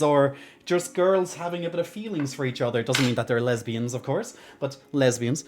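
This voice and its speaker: A woman's voice: low voice, normal speed, a little mellow, a little hiss or hum. A woman streamer chatting casually on a game livestream, giggly and rambling.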